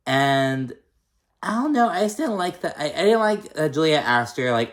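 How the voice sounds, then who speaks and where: A man's voice: a little high, big pitch swings, normal speed. Male recapper, casual and shady, swears freely, loose and filler-heavy delivery. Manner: chatty, profane, shady, full of fillers. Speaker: reality TV recapper.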